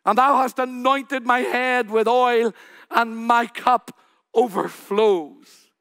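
A man playing an old pastor who speaks slowly, quietly and reverently, with a lower voice than his own. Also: animated, no echo, studio quality, heavily acted. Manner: slow, hushed and deliberate.

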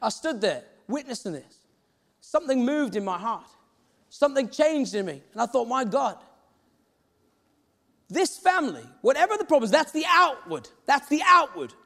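A man preaches a sermon in storytelling fashion, slipping into the voices of the people he describes. His voice sits very high for a man. The sound carries a long reverb from a big hall. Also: big pitch swings, normal speed, pushed and bright. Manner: storytelling, acts out quoted voices. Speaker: pastor.

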